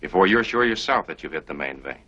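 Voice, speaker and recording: A low, husky scheming partner. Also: male voice, expressive, bright, forceful tone, heavily acted. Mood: persuasive. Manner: persuasive, measured reasoning. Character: scheming calculating male partner, smooth-talking. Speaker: prospector's new partner. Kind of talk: 1950s film acting. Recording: dull old film soundtrack.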